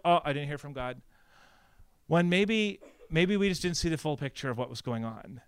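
A male pastor giving a conference breakout talk in an animated, conversational, storytelling way, with frequent "like" and "right?" asides. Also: medium pitch, clear, resonant tone, dry recording.

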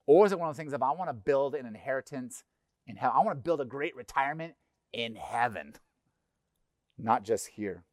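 A middle-aged man preaching a sermon in a conversational, animated way, acting out little voices. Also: medium pitch, fairly quick, dry recording, clean studio sound. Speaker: pastor. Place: church.

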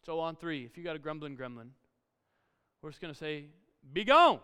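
A man preaching a sermon as pastor, with loud build-ups broken by quiet asides. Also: a little high, quick pace, smooth. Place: church auditorium. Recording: live church sound with long reverb and faint music.

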